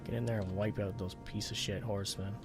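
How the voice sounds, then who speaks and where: A gaming channel host gives let's play commentary on a strategy game, thinking aloud and cursing when it frustrates him. He talks fast in a fairly low, steady voice, with music playing underneath.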